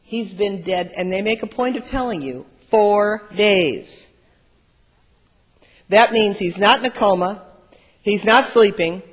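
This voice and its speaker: A middle-aged man preaches a sermon, storytelling and shifting between loud bursts and quiet moments. His voice sits fairly high for a man. A long reverb from the large sanctuary follows each phrase. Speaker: pastor.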